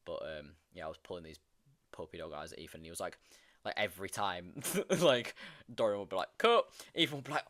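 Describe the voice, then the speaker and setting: Speaking a little fast in a low-pitched voice, this young man chats casually on a stream. He tells funny filming stories with lots of fillers, laughing often as he goes.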